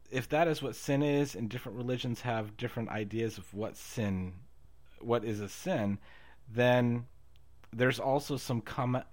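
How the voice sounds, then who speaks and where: A man in a casual conversation who reasons out loud, with frequent restarts and laughter. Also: mid-range voice. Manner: thinks aloud with many fillers and restarts, laughs often.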